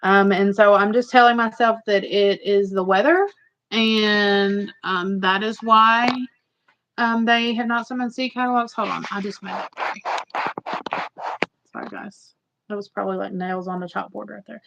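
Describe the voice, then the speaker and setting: A chatty woman rambles to her viewers as she hosts a casual livestream. Her voice sits at an ordinary middle pitch. The audio is slightly muffled and lo-fi. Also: steady tone, normal speed, creaky, a bit bright, a little hiss or hum. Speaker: livestream host.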